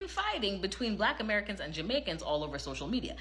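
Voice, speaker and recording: A woman's voice: medium pitch, sing-song, fast talker, a bit bright. A woman giving impassioned, persuasive social media commentary. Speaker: commentator in a reacted clip.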